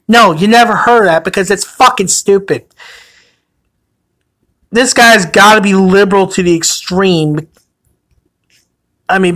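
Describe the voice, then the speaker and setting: A man's voice: sits high, sharp tone, low-quality recording. A man hosting a commentary video, ranting indignantly and with profanity, often restarting his phrases.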